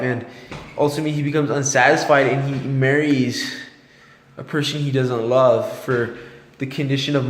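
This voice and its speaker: A man vlogging about a book he read, thinking aloud in a rambling, loosely structured way. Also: mid-range voice. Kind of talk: casual book talk to camera. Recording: echoey room with long reverb.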